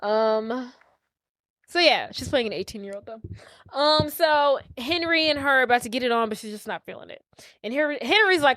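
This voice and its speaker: A young woman with a fairly high voice chats casually on a podcast. She retells a movie scene by scene and voices each character's lines as she goes. The recording is dry and close. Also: moderate pace, no echo. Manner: animated storyteller acting out characters' lines. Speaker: podcast co-host.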